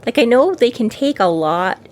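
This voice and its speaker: A woman's voice: fairly high pitch, big pitch swings, normal speed. A woman co-hosting a casual book podcast, rambling with lots of fillers and acted-out quotes. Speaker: podcast co-host. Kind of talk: casual book discussion chat.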